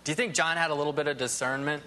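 A man's voice: a little high, fairly even intonation, very fast, sharp tone. A man teaching a Bible lesson in a loose, conversational way, often trailing off with asides and restarting his sentences. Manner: rambling, full of "you know" asides and restarts.

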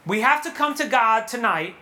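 A woman giving a sermon to young adults at a retreat, animated and asking the audience questions. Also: a little high, moderate pace. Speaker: retreat speaker. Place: retreat hall.

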